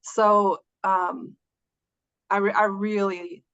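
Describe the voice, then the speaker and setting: A woman's voice: mid-range voice, flat delivery, very slow, a bit bright, clean tone, lo-fi sound. A woman presenting on an online webinar, speaking hesitantly with many fillers and restarts over a video call. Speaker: guest presenter.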